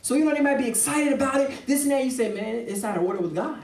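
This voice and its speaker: A man's voice: very high-pitched, lively intonation, quick pace, a little hiss or hum. A man, a pastor, preaching with passion in a discussion and acting out the voices of people he quotes. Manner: emphatic, acts out quoted voices. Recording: roomy, distant mic.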